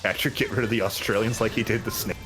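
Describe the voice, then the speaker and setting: A man's voice: on the low side, quick pace. A man hosting a let's play, chatting casually and swearing freely, breaking into silly voices as he tells stories. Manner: animated and profane, jumping into silly voices for quotes. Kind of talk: casual chat over gameplay. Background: game music.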